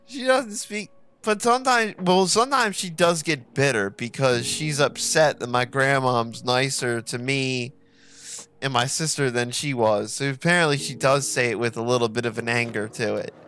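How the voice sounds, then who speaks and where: A man's voice: mid-range voice, normal speed, bright, forceful tone, slight background noise. A man chatting casually while he plays a game, rambling and joking, with a lot of swearing. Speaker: streamer. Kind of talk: casual chat while gaming.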